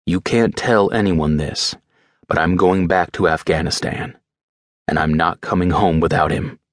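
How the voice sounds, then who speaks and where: A male narrator voicing a loyal, determined military officer who speaks quietly and earnestly. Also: low-pitched, steady tone, a little slow, dry recording, clean studio sound. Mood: quiet resolve.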